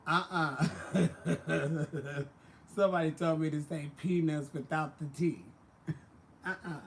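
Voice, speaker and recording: Slow-paced and fairly even in intonation, this man's voice sits a little high, with slight background noise behind it. He runs a casual livestream, sassily chatting with viewers and calling them honey and baby.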